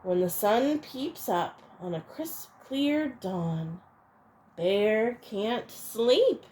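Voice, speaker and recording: A woman reading a picture book aloud to children, expressive and playful, adding little asides for young listeners. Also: mid-range voice, very slow, a little hiss or hum, rough recording. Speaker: storyteller.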